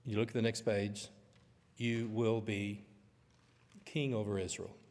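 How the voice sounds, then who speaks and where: Low-voiced man teaching a church lesson. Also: little pitch movement, unhurried, darkish tone, in a large hall. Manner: conversational, storytelling teacher. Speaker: Bible class teacher. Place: church auditorium.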